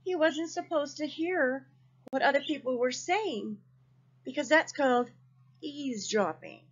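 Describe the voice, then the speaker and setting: A woman reading a picture book aloud to children, expressive and asking her young listeners questions. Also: sits high, measured pace. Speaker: children's story reader. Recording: dull lo-fi recording.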